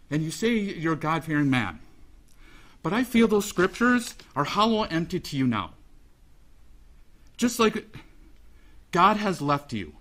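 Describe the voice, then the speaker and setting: Emotional man, halting court statement. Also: a little high, a bit bright. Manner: emotional, halting, repeats phrases. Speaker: father giving a victim impact statement.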